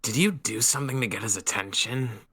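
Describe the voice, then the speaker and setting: A woman's voice: a bass voice, brisk, fairly bright tone, husky, full character voice. A woman voicing a blunt teenage male student in a fan-fiction read-through, in an offhand tone.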